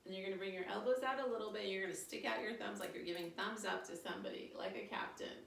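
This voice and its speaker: Bright, slightly gravelly woman, kids' yoga teacher, encouraging and playful, echoey room with a distant mic. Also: medium pitch, fast talker, slight background noise. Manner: encouraging, playful, upbeat with kids. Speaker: kids yoga teacher and storyteller. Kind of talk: children's yoga storytime.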